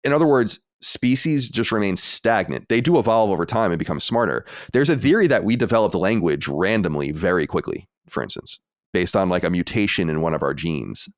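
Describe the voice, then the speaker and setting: A man's voice: low-pitched, expressive, fairly quick, no echo, clean studio sound. A man hosting a casual podcast, musing and rambling through his ideas. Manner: musing, rambling, trailing asides. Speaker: podcast host.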